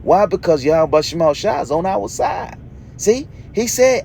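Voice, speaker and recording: A preacher with a high voice, lively intonation and a dark tone moves at a measured pace, with a little hiss or hum in the background. He reads verses aloud, explains them emphatically, and checks in with "okay?" after almost every point.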